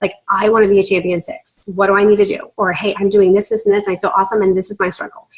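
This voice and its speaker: On a video call, a young woman who leads a team in a sales business speaks emotionally, gushing with lots of fillers and nearly crying. Her voice is medium-pitched and level, she talks fast, and the recording is rough.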